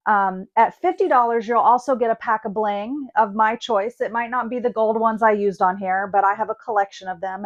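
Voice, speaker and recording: A chatty woman leads a card-making class, talking through each step as she works. Her voice sits at an ordinary middle pitch. The recording sounds a little dull and lo-fi. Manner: chatty, thinks aloud while working. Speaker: craft class host. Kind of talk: casual craft demonstration.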